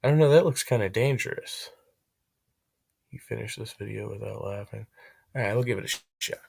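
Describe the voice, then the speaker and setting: A man's voice: on the low side, brisk, vocal fry, a little mellow, husky. A man hosting a casual livestream chat, rambling and self-deprecating, filling his talk with "you know" and "like". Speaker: livestream host.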